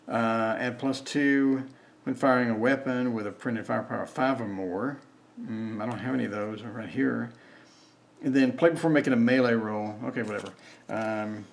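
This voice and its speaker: A man's voice: mid-range voice, creaky. A man playing a board game alone on camera, reading cards aloud, counting and grumbling about bad luck. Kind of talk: solo playthrough commentary.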